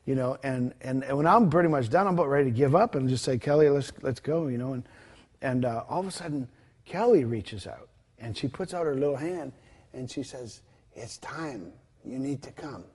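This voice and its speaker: A man's voice: medium pitch, fairly quick, darkish tone, husky. A man telling a ministry story in a conversational interview, retelling the dialogue with many fillers and restarts. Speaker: guest telling a ministry testimony.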